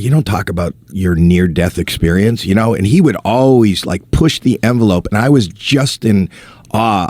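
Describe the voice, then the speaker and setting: A man telling comedy stories as a guest, animated, swearing freely and acting out quotes. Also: fairly low pitch, no echo, clean studio sound. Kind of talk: casual storytelling.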